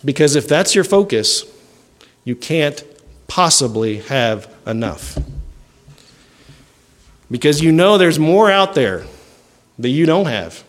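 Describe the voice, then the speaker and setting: A pastor preaching a sermon in a fairly high male voice. He reads scripture aloud and explains it conversationally, often pausing to ask "right?". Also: very animated. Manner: conversational preaching, frequent "right?" check-ins.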